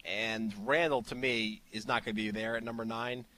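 A man's voice: medium pitch, fairly even intonation, normal speed, pushed and bright. A man co-hosting a fantasy football radio show, chatting in an easygoing way and giving advice. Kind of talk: casual sports radio talk.

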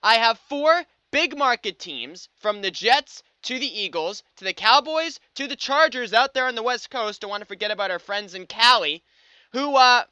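A man's voice: extremely high pitch, animated, normal speed, hardly any pauses, sharp tone, clear, resonant tone, dry recording. A young man from the United States hosting a sports podcast, talking upbeat and wry with frequent fillers. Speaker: podcast host. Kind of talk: scripted sports podcast monologue. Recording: slightly dull dry podcast audio.

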